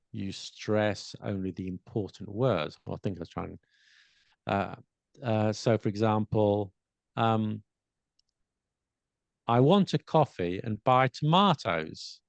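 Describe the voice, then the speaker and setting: This podcast co-host has a fairly low, gravelly voice with a slightly mellow quality. He chats casually about pronunciation, working out his thoughts aloud with frequent restarts and demonstrating examples. There's no echo on the recording.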